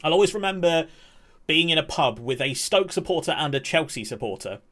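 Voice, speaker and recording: A man's voice: fairly high pitch, lively intonation, a little fast, fairly bright tone. Chatty young man streaming. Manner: chatty, laughs often, mock-outraged ranting. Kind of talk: casual live-stream commentary.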